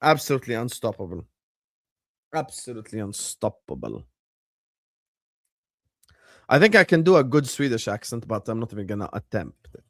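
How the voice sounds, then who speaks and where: A man hosting a casual live watchalong, chatty and bursting into excited shouts. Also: mid-range voice, normal speed, long pauses, no room sound, studio quality. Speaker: livestream host.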